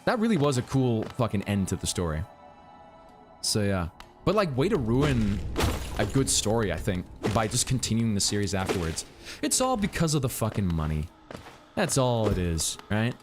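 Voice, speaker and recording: A man's voice: on the low side, very animated, moderate pace. Young man ranting casually over game music. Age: 20s. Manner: ranting, profane, rambling. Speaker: gaming streamer. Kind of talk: casual playthrough chat.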